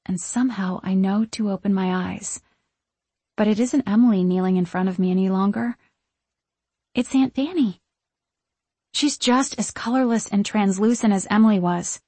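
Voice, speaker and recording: Husky woman reading a story aloud. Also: medium pitch, a little mellow, no echo. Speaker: audiobook narrator. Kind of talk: first-person audiobook narration.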